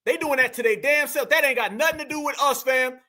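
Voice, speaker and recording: A man with a very high, ringing bright voice reacts to clips in loose, slangy commentary. He sounds incredulous and swears freely. His delivery stays animated throughout. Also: fast talker. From United States. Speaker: show host.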